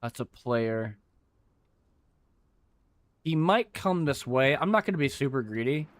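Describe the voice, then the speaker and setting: Animated and unhurried, this medium-pitched male streamer mutters to himself over gameplay, tossing out profane asides and meandering stories he keeps starting over. The recording has no room sound.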